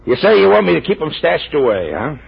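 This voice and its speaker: A gravelly, sarcastic police lieutenant. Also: male voice, fairly high pitch, very animated, quick pace, heavily acted. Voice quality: gravelly, raspy. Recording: muffled 1940s radio recording.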